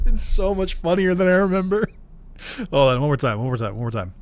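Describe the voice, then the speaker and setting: Giggly, animated man doing game commentary. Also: sits high, brisk. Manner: giggly, laughs often, swears, rants at the story. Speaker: game streamer. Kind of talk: casual let's-play commentary.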